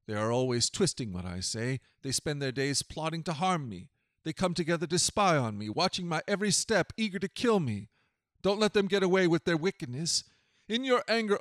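A man reads scripture in a measured, earnest way, with his voice a little higher than most men's. The recording is close and dry. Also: a bit bright, no echo. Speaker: scripture reader. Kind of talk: scripted narration.

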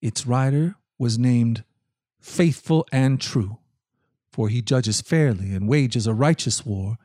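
A man's voice: medium pitch, takes it slowly, mellow, dry recording, studio quality. Solemn man reading scripture. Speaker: scripture reader.

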